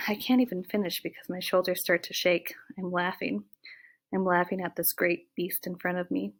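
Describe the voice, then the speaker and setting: Woman narrator for a first-person audiobook, expressive and lowish in pitch. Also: normal speed.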